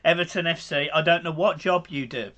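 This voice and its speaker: A man's voice: fairly high pitch, a little fast, a bit bright, highs cut off. A man co-hosting a live football stream, emotional, sighing and swearing a lot as he thanks viewers. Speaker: co-host of a football watch-along stream. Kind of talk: casual live-stream chat.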